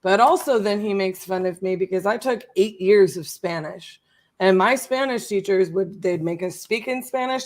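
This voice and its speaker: A woman from Ohio co-hosting a casual livestream, chatty and quick to laugh. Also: medium pitch, darkish tone. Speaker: co-host, real estate investor.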